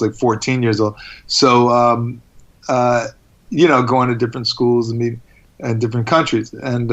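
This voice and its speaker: A man telling stories as a guest in a casual interview, rambling and animated, with restarts. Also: mid-range voice, lo-fi sound. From United States.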